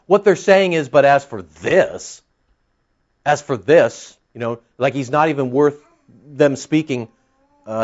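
A man's voice: mid-range voice, highs cut off. A man preaching an expository Bible-teaching sermon, emphatic and fond of rhetorical questions and pointed retorts.

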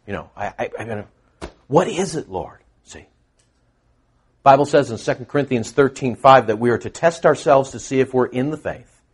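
A middle-aged man preaching a verse-by-verse sermon, moving between quiet explanation and loud, emphatic bursts. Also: mid-range voice, husky. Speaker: pastor. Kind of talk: expository sermon.

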